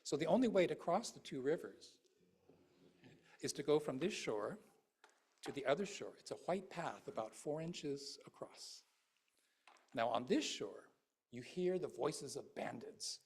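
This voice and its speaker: Male minister, husky voice, chatty dharma talk with fillers and asides. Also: fairly high pitch, lively intonation, moderate pace. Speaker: guest minister.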